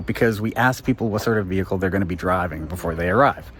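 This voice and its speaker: A man who runs a guesthouse, telling stories to the camera in an animated, chatty way and laughing now and then. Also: fairly low pitch, fast, hardly any pauses, slight background noise. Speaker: guesthouse owner and vlog host. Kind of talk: casual storytelling vlog.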